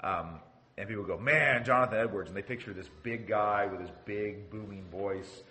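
A man's voice: fairly low pitch, moderate pace, sharp tone, slight background noise. A man preaching a sermon in an earnest teaching manner, often repeating words as he builds a point and checking in with "okay". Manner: often says "okay" as a signpost.

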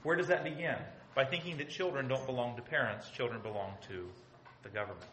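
A man's voice: mid-range voice, a little fast, pushed and bright, slight background noise. A male pastor preaching a sermon in a church, emphatic, asking the congregation rhetorical questions and repeating his points. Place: church sanctuary. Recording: echoey church room.

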